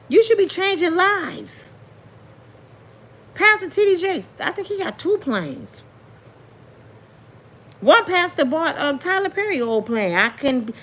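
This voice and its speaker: A woman rants in a casual commentary, preachy and indignant. She keeps asking rhetorical questions in loose, everyday speech. A faint hiss of noise sits under her voice. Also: mid-range voice. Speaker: commentary vlogger.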